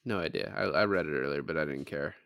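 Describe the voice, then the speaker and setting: A man's voice: extremely low pitch, fast talker, vocal fry, fairly bright tone, dry recording, studio quality. A man co-hosting a casual podcast, animatedly retelling a film's plot and quoting characters in offhand voices. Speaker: podcast co-host. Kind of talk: casual chat.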